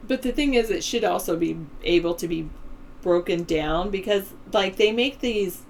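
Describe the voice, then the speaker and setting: A woman's voice: fairly low pitch, darkish tone, a little hiss or hum, poor audio. Chatty valley-girl woman host. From Southern California. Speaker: host of a call-in political show. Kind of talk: casual chat, reading news and answering chat.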